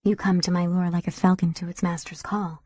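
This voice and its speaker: Brooding young warrior voiced by a woman narrator, deep, rough, a touch sardonic, mellow and husky. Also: level tone, fairly quick, no room sound. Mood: passionate.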